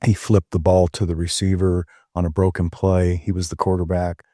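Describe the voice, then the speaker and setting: An older man talks in a deep, mellow voice. He tells stories earnestly and folksily, pausing on ums. The sound is dry and close. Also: flat delivery, no echo. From Tennessee. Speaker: guest. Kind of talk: casual storytelling interview.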